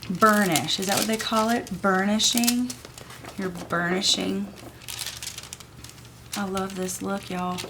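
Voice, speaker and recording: A woman's voice: mid-range voice, steady tone, takes it slowly, pauses often, background noise. A woman, sniffly, chattily teaching an art journaling craft technique while she works at home. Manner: chatty and gushing, talks while working. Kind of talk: casual craft tutorial.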